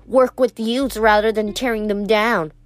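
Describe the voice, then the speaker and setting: A woman's voice: medium pitch, steady tone, moderate pace, close to an everyday voice. Woman reading a petulant wine god, whiny and pompous, kinda sulky and put upon.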